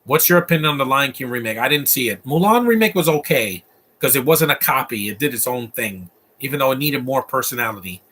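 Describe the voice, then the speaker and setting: A man's voice: medium pitch, lively intonation, a little fast, sharp tone, husky. A man giving casual, opinionated live commentary while watching a movie, rambling through asides and restarts.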